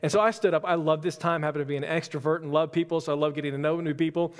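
A man, a pastor, giving a relaxed, conversational sermon with self-deprecating stories. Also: fairly high pitch, rapid-fire, smooth. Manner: casual, storytelling, self-deprecating humor. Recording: long hall reverb.

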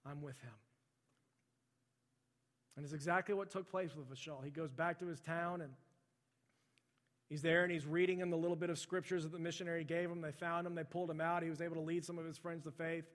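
A man preaching in a church sanctuary, his slightly high voice trailing off in a long, ringing reverb. He tells a story in a relaxed, conversational way and briefly takes on the voices of the people he describes. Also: fast. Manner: conversational, relives stories by voicing the people in them. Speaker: pastor. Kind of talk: sermon storytelling.

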